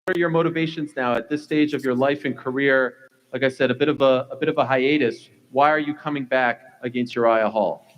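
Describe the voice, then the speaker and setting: A man's voice: mid-range voice, steady tone, rough recording. A man moderating a fight press conference, asking questions with lots of fillers. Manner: fast, filler-heavy questioning.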